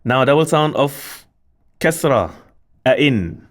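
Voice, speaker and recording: A man's voice: mid-range voice, lively intonation, slow. A man teaching the Arabic alphabet in a recorded lesson, patiently repeating sounds and asking learners questions. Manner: asks rhetorical questions of students.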